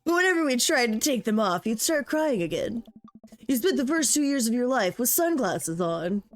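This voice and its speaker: A woman's voice: fairly high pitch, sing-song, normal speed, soft background music. A woman voicing a goofy, proud middle-aged dad in a game, reading his lines aloud in a playful, teasing way.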